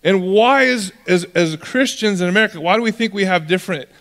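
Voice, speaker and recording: A male pastor preaching a sermon in a relaxed, conversational storytelling way, often acting out the voices of people in his stories. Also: high-pitched, brisk, in a large hall.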